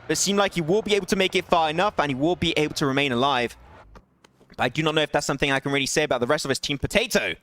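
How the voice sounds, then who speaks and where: A young man casting a mobile shooter match alone on a live stream, calling plays excitedly and chatting with viewers. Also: fairly high pitch, racing. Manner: excitable, rising to shouts at big plays, laughing apologies to chat. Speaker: esports caster. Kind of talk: solo live esports play-by-play.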